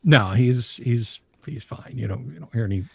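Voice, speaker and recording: A man running a tabletop game as game master, narrating in a halting way with many restarts. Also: mid-range voice, vocal fry, fairly bright tone, slightly rough, no echo.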